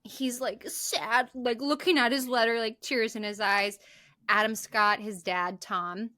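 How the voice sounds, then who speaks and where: A woman co-hosting a podcast, recapping a movie in animated casual chat, swearing freely and using lots of "like". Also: fairly high pitch, a little slow, dry recording, clean studio sound. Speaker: podcast co-host.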